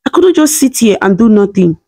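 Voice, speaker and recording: A woman's voice: medium pitch, big pitch swings, brisk, a little mellow. Woman voicing a fierce protective young mother. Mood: determined. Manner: determined, urgent. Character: fierce young mother defending her twins.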